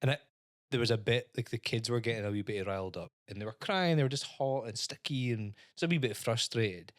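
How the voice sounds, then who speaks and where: A man's voice: medium pitch, fairly quick, dry recording, clean studio sound. A man with a Scottish accent, co-hosting a podcast and telling a long holiday story in casual chat, swearing and acting out other people's voices. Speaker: podcast co-host.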